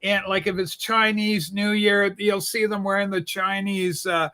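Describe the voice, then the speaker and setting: A man's voice: sits high, little pitch movement, measured pace, bright, forceful tone. A man from Canada co-hosting a casual political chat, speaking in a conversational, wry way. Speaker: co-host.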